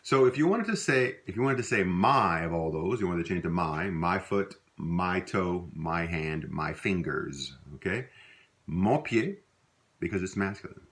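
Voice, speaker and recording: Middle-aged Louisiana man, very low voice, relaxed teacher, rambling with fillers. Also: measured pace. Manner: relaxed, rambling, with many fillers and self-corrections. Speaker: language teacher. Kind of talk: casual spoken lesson.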